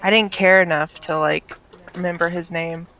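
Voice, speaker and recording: A woman's voice: on the low side, steady tone, normal speed, pushed and bright, low-quality recording. A woman telling an offhand story in casual gaming chat, full of fillers. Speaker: gamer in voice chat.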